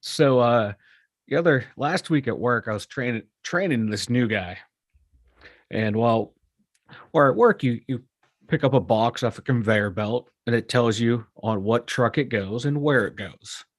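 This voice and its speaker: A man with a Pittsburgh accent co-hosts a casual podcast and tells a story about his job. He acts out his own lines in an animated voice at a medium pitch, recorded close and dry with little room sound. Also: unhurried, no room sound. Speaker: podcast co-host.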